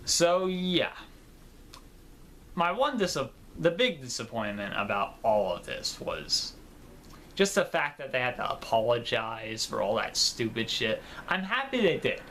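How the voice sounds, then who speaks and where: Guy chatting loosely about video games, bright voice, lots of uh and yeah, faint background noise. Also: fairly low pitch. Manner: rambling and informal, with fillers and casual swearing. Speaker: gaming video creator. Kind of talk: casual commentary vlog.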